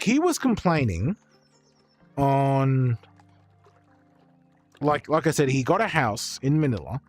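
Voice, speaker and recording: Faint beats play behind a streamer chatting casually on a livestream in a medium-pitched, slightly mellow voice. He rambles with plenty of fillers and restarts, swearing freely along the way.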